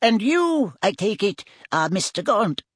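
A man's voice: fairly high pitch, big pitch swings, measured pace, no room sound, pitched above the performer's own voice. A male audiobook reader voices a prim government official in a raised, bouncy voice. He sounds nervous and stiffly polite, with a snappish edge. The recording is dry and close. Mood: indignant. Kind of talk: audiobook character voice.

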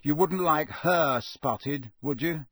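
A man doing a spoiled teenage boy from a storybook who drawls every word with lazy contempt. The voice sits a touch above the reader's own and stretches out slowly and mockingly. The sound is dry and close. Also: on the high side, a bit bright, dry recording. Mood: drawling sneer.

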